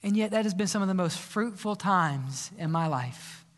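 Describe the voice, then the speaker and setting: An older man preaching an impassioned sermon in a church, swinging from loud appeals to hushed pleas. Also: high-pitched, lively intonation, normal speed. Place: church sanctuary. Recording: long church hall reverb.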